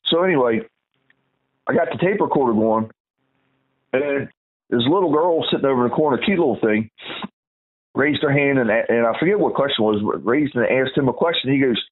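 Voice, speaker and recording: A man's voice: medium pitch, expressive, fairly quick, long pauses. A middle-aged man telling a rambling, heated story in casual talk, with many restarts. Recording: tinny phone-like audio.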